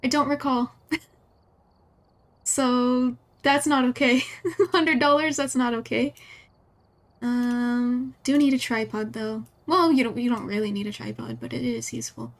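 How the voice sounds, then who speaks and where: Giggly high-voiced woman streamer. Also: steady tone, measured pace. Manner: giggly, chatty, talks to herself. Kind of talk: live gameplay commentary.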